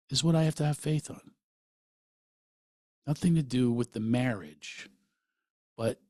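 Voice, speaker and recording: A middle-aged man hosting a podcast, telling a personal story in an animated way and acting out what others said. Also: low-pitched, gravelly, breathy edge, dry recording, studio quality. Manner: animated, quotes people in lively voices. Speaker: podcast host.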